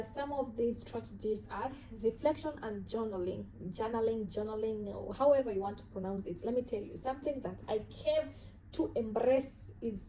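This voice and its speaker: Mellow, higher-voiced woman with an African accent. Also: a little hiss or hum, poor audio. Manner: earnest and reflective, often restarting and repeating words. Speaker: vlogger. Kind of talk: casual talk to camera about self-growth.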